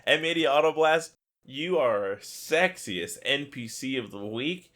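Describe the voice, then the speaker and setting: A man's voice: mid-range voice, animated, a little slow, fairly bright tone. A man co-hosting a casual gaming podcast, joking and laughing often as he talks. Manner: playful, laughs often, jokey asides. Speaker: podcast co-host.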